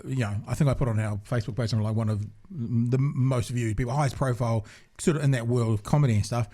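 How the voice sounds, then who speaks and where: Quick-talking New podcast host. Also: male voice, medium pitch, fairly even intonation, warm tone. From New Zealand. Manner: quick, chatty, jokey questions. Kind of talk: casual chat. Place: podcast studio.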